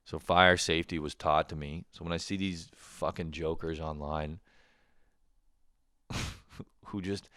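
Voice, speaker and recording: A Canadian man hosting his own show, talking in a casual comedic monologue, animated and swearing, laughing often. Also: rumbling low, takes it slowly, long pauses, no room sound, studio quality. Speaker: podcast host.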